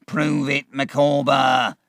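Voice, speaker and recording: A man's voice: medium pitch, flat delivery, takes it slowly, vocal fry, a bit bright, dry recording, studio quality. A man voicing a sly, bitter young clerk who snaps back defiantly. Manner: snapping, defiant.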